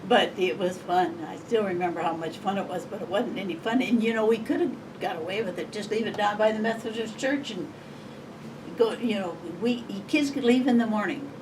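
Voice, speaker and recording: A woman's voice: mid-range voice, fairly quick. Older Montana woman, interviewee; rambling, chuckling storyteller, recorded off-mic with faint hiss. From Montana, USA. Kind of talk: oral history storytelling. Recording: distant mic, faint background noise.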